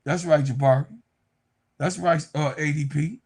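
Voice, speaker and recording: A man hosts a casual sports live stream, answering chat in a gravelly, fairly high voice. He gets excitable and profane and laughs a lot as he talks. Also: moderate pace.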